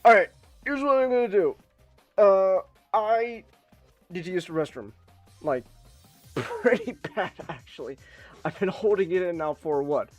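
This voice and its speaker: Male stream host, casual and joking, prone to loud outbursts, lively swooping pitch. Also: a little slow, long pauses, soft background music. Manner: joking, swears freely, bursts into loud outbursts. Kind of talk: casual live-stream chat.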